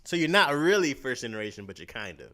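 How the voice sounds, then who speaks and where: A young man co-hosting a podcast, chatting casually and telling stories with a playful, joking manner. His pitch swings widely and lively as he talks, sitting in the middle of the male range. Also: fast. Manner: joking, animated storytelling. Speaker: podcast co-host. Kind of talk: casual chat.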